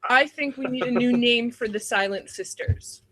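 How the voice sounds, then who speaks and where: A young woman co-hosting a casual recap chat, excitable and quick to cheer along. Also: on the high side, crowd noise. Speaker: co-host.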